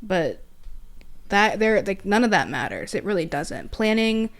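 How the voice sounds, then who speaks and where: A woman's voice: mid-range voice, big pitch swings, measured pace. Woman, podcast guest, mid-range voice, reflective, chatty, fillers. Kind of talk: casual podcast chat.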